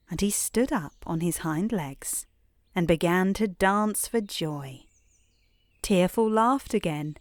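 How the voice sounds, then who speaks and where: A woman hosting and reading a bedtime story aloud in a soft, soothing manner. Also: lowish voice, animated, slow, no echo, studio quality. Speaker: host and storyteller.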